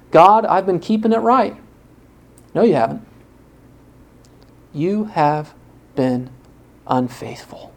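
A man's voice: a little high, darkish tone. A man preaching a sermon with earnest conviction. He poses pointed rhetorical questions and tells a story to illustrate his point.

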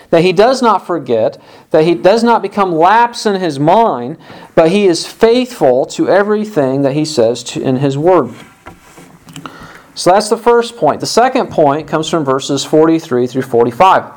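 A man's voice: fairly high pitch, very animated, measured pace, darkish tone, poor audio. A man preaching a sermon, a parent, emphatic and stressing points by repeating phrases. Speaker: pastor.

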